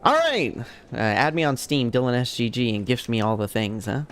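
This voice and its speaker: A young adult man streaming a game live, chatting casually and jokingly, swinging between excited highs and low muttered asides. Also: fairly quick, clean tone.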